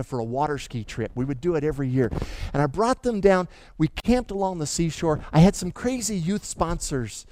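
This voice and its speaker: A middle-aged male pastor preaches a sermon in a fairly high voice with no room sound. He tells animated stories, stammering and restarting, and keeps asking the congregation questions.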